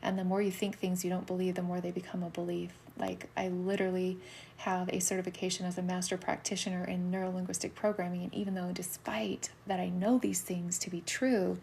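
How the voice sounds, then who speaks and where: A middle-aged woman giving soulmate readings on a livestream, talking casually in a soft, soothing voice that often drops into a whisper. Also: lowish voice, monotone, a little fast, creaky, a little hiss or hum.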